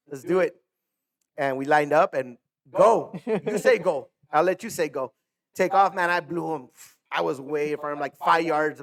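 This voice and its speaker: Rambling storytelling man. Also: fairly high pitch. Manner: rambling, lots of "you know" and "man". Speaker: coach. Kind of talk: casual storytelling.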